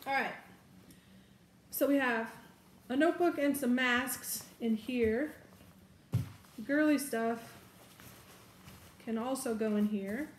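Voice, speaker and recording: A woman's voice: a little high, takes it slowly, pauses often, echoey room, slight background noise. A woman chatting casually as she packs her bag, thinking aloud. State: has the hiccups. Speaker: vlogger. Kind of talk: casual show-and-tell.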